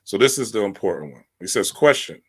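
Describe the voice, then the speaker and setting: Blunt, preachy man with a low voice. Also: lively intonation, brisk, a bit bright, slightly rough. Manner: blunt, preachy, slangy asides, rising emphasis. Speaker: spiritual teacher. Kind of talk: livestream talk reading and commenting.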